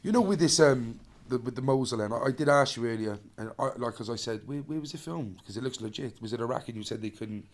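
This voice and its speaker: A man hosting a podcast, chatting casually and asking quick questions. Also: mid-range voice. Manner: short quick reactions and questions. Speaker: podcast host. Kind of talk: casual interview chat.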